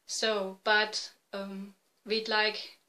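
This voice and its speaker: A woman in her forties from East Germany with a German accent, hosting a casual podcast in halting, self-correcting English. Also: mid-range voice, flat delivery, sharp tone, rough recording. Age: 40s. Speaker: podcast host. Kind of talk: casual video podcast chat. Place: home room, dim light.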